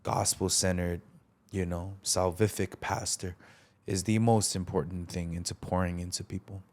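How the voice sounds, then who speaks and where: Low-voiced male preacher, casual interview storytelling, earnest, animated when retelling. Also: normal speed. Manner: animated retelling, acts out quoted dialogue; earnest, reflective. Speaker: preacher and podcast guest.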